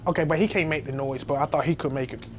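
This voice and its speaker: Animated young man telling a scary story. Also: quick pace. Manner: animated, jumps to high squeals when quoting himself. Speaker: storyteller vlogger. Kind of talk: casual spoken storytime. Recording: faint background noise.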